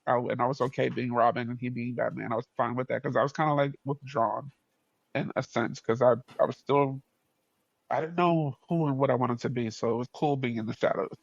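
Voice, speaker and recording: A man with a New York accent, a podcast guest telling a story in a slangy, animated way with frequent laughs. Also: medium pitch, vocal fry, no room sound, highs cut off.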